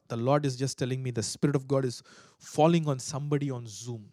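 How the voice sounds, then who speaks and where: A man preaching a sermon to a live and online congregation, swinging between loud exhortation and hushed prayer, and acting out voices in his stories. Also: mid-range voice, steady tone, brisk, hardly any pauses, dry recording. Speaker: pastor.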